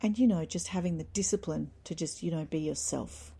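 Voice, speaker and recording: Woman host, solo motivational talk, husky gravel, warm dark timbre. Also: low-pitched, brisk. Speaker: podcast host.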